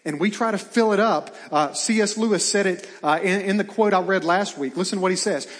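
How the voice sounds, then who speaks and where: A man's voice: high voice, brisk, long reverb tail. A man preaching a sermon, asking rhetorical questions and reading scripture aloud. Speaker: pastor.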